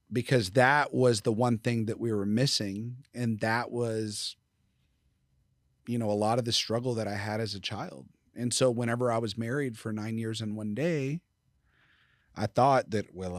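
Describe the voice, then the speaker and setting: Man, middle-aged, low voice, dry close sound, podcast guest, candid casual storytelling, swears a lot, acts out quoted dialogue. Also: dry recording.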